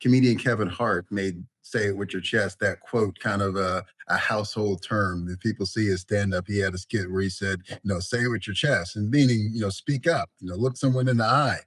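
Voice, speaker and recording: A middle-aged man and college president, a podcast guest telling stories about his career in a measured way with frequent fillers. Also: fairly low pitch, no room sound. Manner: measured, storytelling, frequent "you know". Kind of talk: podcast interview.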